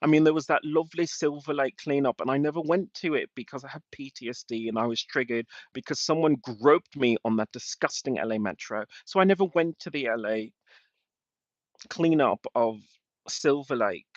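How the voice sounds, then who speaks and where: A man's voice: medium pitch, moderate pace, no echo. A man on a livestream, answering chat in an emotional, rambling rant and swearing often. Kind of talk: rambling live-stream talk. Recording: dull lo-fi dry sound.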